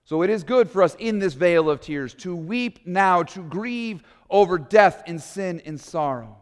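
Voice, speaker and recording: A man with a high voice delivers a sermon in a reverberant church hall. He preaches earnestly, slowing down for weight and dropping to a hush on key lines before rising again. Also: expressive. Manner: earnest preaching with dramatic slow pauses, swings from loud to hushed. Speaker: pastor.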